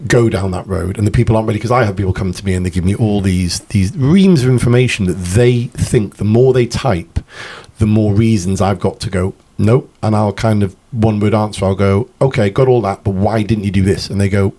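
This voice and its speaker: A man's voice: on the low side, fairly quick, few pauses, warm tone. A man hosting a podcast, chatty, asking questions and telling anecdotes. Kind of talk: podcast conversation.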